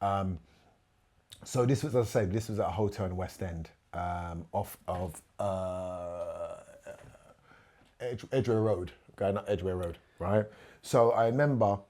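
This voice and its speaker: A middle-aged man, a podcast guest telling animated anecdotes and acting out the quoted lines. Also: deep voice, measured pace.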